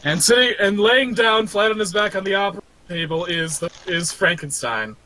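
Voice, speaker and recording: A man narrating as game master in a tabletop game, animated and laughing often. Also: sits high, brisk, slight background noise.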